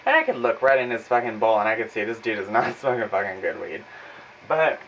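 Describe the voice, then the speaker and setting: A man's voice: fairly low pitch, sing-song, brisk, a bit bright, slight background noise. A young man telling a sarcastic, profane story in a casual vlog from his home kitchen, filmed on a phone. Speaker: vlogger. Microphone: phone camera. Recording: dull phone recording.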